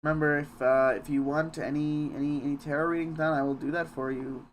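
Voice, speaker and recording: A young man streaming a game from home, chatting casually in a rambling, halting, self-deprecating way with some swearing. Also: on the high side, flat delivery, slight background noise. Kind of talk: casual live-stream chat while gaming.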